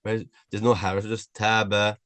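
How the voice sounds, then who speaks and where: A patient male language teacher with a lowish voice, speaking on a video call. He corrects his students gently and repeats sounds slowly. The sound is dry and close. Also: no echo. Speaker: Arabic teacher. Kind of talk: online class teaching.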